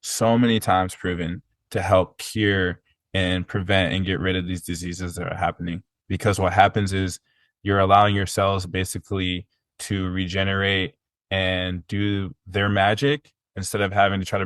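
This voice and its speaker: A man's voice: sits low, little pitch movement, moderate pace, a bit bright, no room sound. A man talking casually and earnestly as a podcast guest, rambling with fillers and restarts. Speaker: podcast guest, personal trainer. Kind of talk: casual conversational storytelling.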